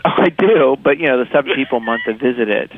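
A man's voice: medium pitch, expressive, quick pace, background noise. Man talking over a tinny phone line. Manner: rambling, chuckles often. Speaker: podcast host. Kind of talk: casual podcast chat.

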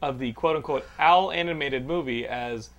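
A man hosting a casual podcast, talking loudly and excitably, swearing and laughing often. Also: medium pitch, moderate pace. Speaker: podcast host.

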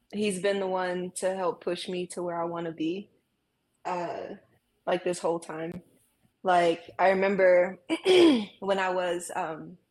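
Chatty woman guest on a video call. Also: fairly low pitch. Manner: emotional, halting, many fillers. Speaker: guest, graphic artist. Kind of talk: casual interview chat.

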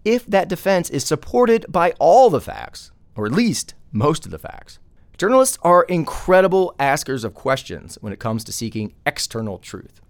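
Lively, emphatic male podcast host. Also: a little high, moderate pace, dry recording. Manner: emphatic, full of rhetorical questions. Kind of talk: opinion commentary podcast.

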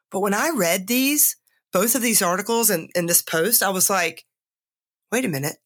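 A woman's voice: mid-range voice, a little slow, fairly bright tone. A middle-aged woman hosting a podcast, talking candidly and confessionally about herself while she is sick with a cold. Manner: candid, confessional, self-mocking asides. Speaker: podcast host. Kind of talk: personal reflective monologue.

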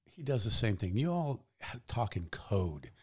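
A man talking as a podcast guest in casual conversation, telling stories in a measured, reflective way. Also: on the low side, sing-song, a little mellow, slightly rough. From United States. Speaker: guest, public defender.

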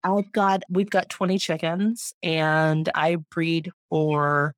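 A woman in her thirties, a guest, chatting proudly and warmly about her homestead and her family. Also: deep voice, flat delivery, takes it slowly, dry recording. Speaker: guest, urban homesteader and mom. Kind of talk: casual interview chat.

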